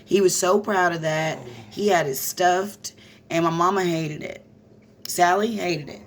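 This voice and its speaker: Woman, low pitch; casual vlog storyteller, animated and profane; faint noise behind. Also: unhurried. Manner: animated, profane, talks straight to viewers as "y'all".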